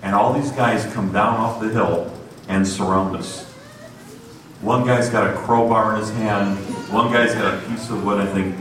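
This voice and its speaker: A man's voice: on the low side, unhurried. A man telling a story in a sermon, acting out the voices of the people in it. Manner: animated, acts out voices in his story. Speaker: preacher. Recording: roomy echo, distant from the mic, faint noise.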